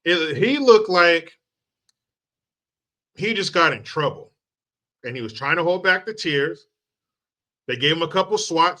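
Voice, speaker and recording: A man hosting a political commentary video, ranting in a mocking, profane and animated way. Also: a little high, unhurried, pauses often. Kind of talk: comic political rant vlog.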